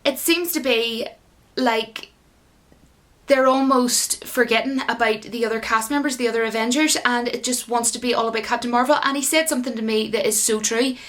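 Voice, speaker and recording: A woman ranting in an indignant, animated way to her viewers in a vlog commentary. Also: fairly high pitch, moderate pace. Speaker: YouTube commentator.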